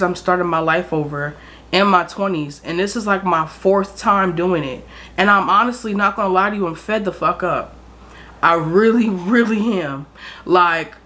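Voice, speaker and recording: A woman's voice: lowish voice, a bit bright. A woman in her twenties from South Jersey, chatting casually and candidly to her vlog camera. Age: 20s. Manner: candid, frank, swears freely. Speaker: vlogger.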